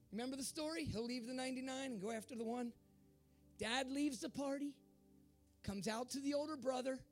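A preacher giving an animated sermon, retelling a story with emphatic repetition. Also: medium pitch.

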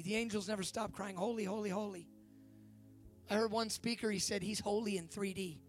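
A man in his forties giving a youth sermon, preaching with rising excitement and leading a fervent prayer. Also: high voice, moderate pace, faint music behind. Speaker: youth pastor. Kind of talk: sermon with altar call.

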